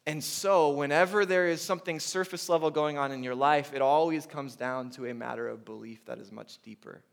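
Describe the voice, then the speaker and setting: A man in his thirties preaching a sermon, swinging from hushed, intimate lines to loud, urgent ones. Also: on the high side, a little fast, gravelly. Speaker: pastor.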